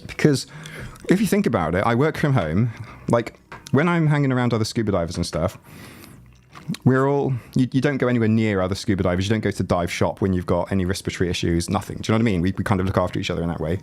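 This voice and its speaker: Fast and lively in intonation, a man with a fairly low, darkish voice livestreams from home, his chest cold making him sound rattly. The YouTuber rambles casually and jokes with viewers, speaking into a desk mic without headphones.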